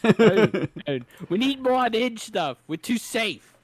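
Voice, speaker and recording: A man's voice: sits high, sing-song, slow pace, no room sound. A man, a podcast co-host trading blunt, jokey banter in casual chat over a remote call.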